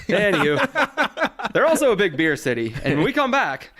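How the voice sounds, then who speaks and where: A man's voice: sits high, huge pitch swings, fast, a bit bright. A man hosting a beer podcast in casual chat, upbeat and laughing often. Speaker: podcast host.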